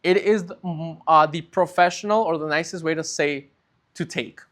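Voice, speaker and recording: A man's voice: a little high, moderate pace, a bit bright. Man teaching a lesson in a raised voice. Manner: patient step-by-step explaining, often checks in with "right?". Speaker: Spanish teacher. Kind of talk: recorded classroom lesson.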